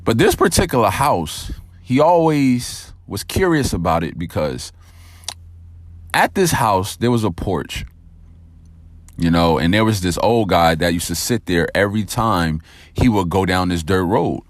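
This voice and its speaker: Lively, animated male motivational speaker. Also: deep voice, measured pace, no room sound. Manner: energetic, direct, calls listeners "family". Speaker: motivational podcast host. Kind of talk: motivational talk with storytelling.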